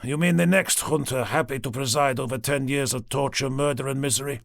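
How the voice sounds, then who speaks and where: A man's voice: mid-range voice, a little fast, dry recording, close to an everyday voice. A man voicing a weary cynical police inspector. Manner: gruff, dry, clipped. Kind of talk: audiobook character voice.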